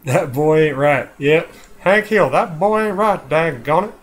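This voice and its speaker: A man putting on a to voice a stern, uptight middle-aged cartoon dad with a slow, clipped drawl. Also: fairly high pitch, lively intonation, pitched above the performer's own voice.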